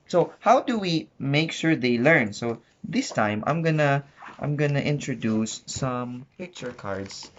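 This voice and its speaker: A man at home patiently coaxing his toddler, repeating simple questions in a casual home video. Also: on the low side. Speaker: father teaching his toddler. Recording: muffled home recording with faint hiss.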